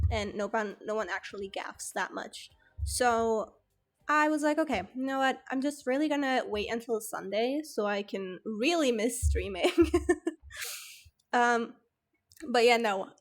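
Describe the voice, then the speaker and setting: A young woman streamer with a fairly high voice has a slight lisp from her retainer. She chats casually, rambling through a storytime and swearing freely.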